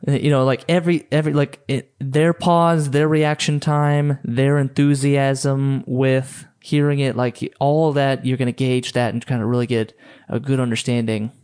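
A man's voice: medium pitch, level tone, moderate pace, darkish tone, clear, resonant tone. Casual male podcast host with a mid-range voice, rambling, filler-heavy coaching talk. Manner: loose and chatty, many fillers and restarts.

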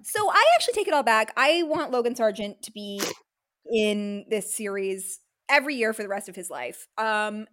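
A woman co-hosting a podcast in casual chat, animated, swearing and saying "like" often, breaking into shrieking laughter. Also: fairly high pitch, dry recording, low-quality recording. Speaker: podcast co-host.

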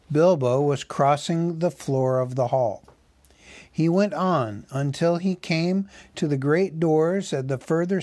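Male reader, unhurried, dry close sound, mid-pitched. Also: darkish tone, no room sound. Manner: slow, measured storytelling. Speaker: audiobook reader. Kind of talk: reading a novel aloud.

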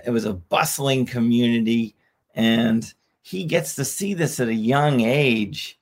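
A slightly hoarse man, an author guest on a podcast, explaining his argument in an earnest way and repeating his phrases. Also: medium pitch. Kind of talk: podcast interview.

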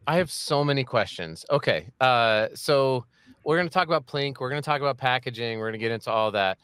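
A man's voice: medium pitch, animated, brisk, fairly bright tone, smooth, no room sound, clean studio sound. A man hosting a podcast interview, chatty and jokey, with rambling asides. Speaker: podcast host. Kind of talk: casual interview chat.

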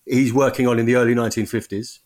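A man's voice: medium pitch, little pitch movement, a little mellow. A male author, speaking as a guest in an interview, thinking aloud with frequent restarts and self-corrections. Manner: thoughtful, halting, frequent restarts. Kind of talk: podcast interview.

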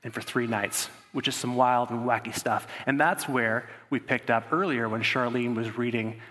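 A man's voice: medium pitch, steady tone, normal speed, pushed and bright. A man preaching a sermon, reading scripture and breaking off into casual, conversational asides. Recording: long hall reverb.

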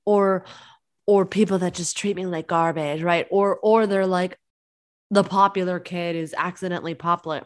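A young adult woman hosting a solo podcast on business, chatty and encouraging, calling her listeners friends. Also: fairly low pitch. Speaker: podcast host, business coach.

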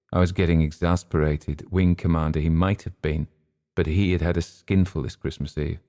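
A man reading a first-person thriller audiobook in a measured, understated manner. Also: a bass voice, fairly even intonation, mellow. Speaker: audiobook narrator.

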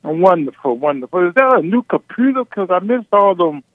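A man's voice: high voice, big pitch swings, moderate pace, no room sound. A man from California calling into a talk show, argumentative and repeating his points. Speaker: caller. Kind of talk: phone-in conversation. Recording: tinny phone line.

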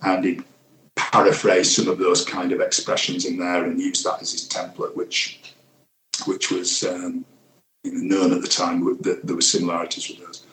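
A man in his sixties, a retired senior detective, recalling a case in a reflective, halting interview manner, acting out what people said. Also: low-pitched, completely flat delivery, a bit bright, a little hiss or hum. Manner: reflective, halting with fillers, reenacts quotes. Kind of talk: interview recollection. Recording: echoey room.

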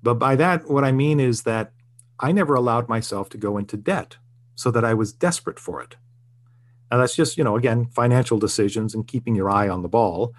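Here the older TV writer-producer talks a little quickly at a medium pitch. Still a guest in a relaxed interview, he reminisces with earnest reflection, breaking off to restart his sentences and laughing softly now and then.

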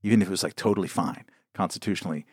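Brief: male podcast co-host, lower voice, sardonic, dry close sound. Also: racing, a little mellow, slightly rough, dry recording. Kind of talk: casual chat.

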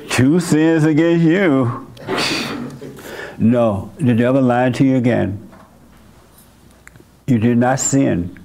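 Gravelly older man giving blunt advice. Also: mid-range voice, animated, extremely slow, pauses often, darkish tone. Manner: blunt, folksy spiritual advice with chuckles. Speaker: host and church leader. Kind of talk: counseling a congregation member.

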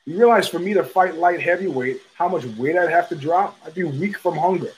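A man's voice: on the high side, rough recording. A middle-aged man hosting a podcast, rambling through casual fight talk with many fillers, restarts and curses. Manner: rambling, halting, with frequent fillers and swearing. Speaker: podcast host. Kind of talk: casual fight commentary monologue.

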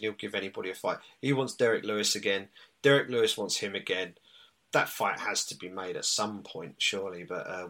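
British male podcast co-host, bright and forceful tone, casual rambling recap. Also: medium pitch. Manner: chatty, rambling with many fillers. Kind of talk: casual chat, recapping results.

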